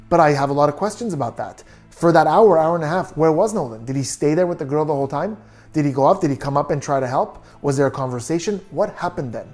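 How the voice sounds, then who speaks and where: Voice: mid-range voice, fast, a little mellow, faint music behind. A body language analyst giving true crime video commentary, reasoning through details and asking many questions.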